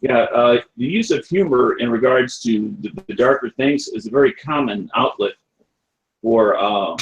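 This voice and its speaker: A man in a casual online chat who speaks hesitantly, with many pauses and "uh"s. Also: mid-range voice, lively intonation, reverberant, lo-fi sound, a little hiss or hum.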